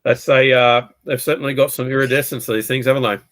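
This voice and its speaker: A man's voice: medium pitch, fast talker, no echo, poor audio. Male podcast host: a blunt, profane storyteller who acts out the lines, with a mid-range voice recorded close and dry. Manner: animated anecdotes, swears freely, acts out quotes. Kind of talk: casual chat.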